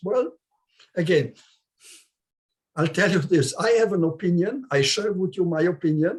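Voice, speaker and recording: A man's voice: sits high, lively intonation, brisk, pauses often. Chatty older man with a foreign accent. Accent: non-native English accent. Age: 70s. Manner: chatty, repeats himself for emphasis. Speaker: career coach presenting a webinar. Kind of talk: live webinar talk. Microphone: video call.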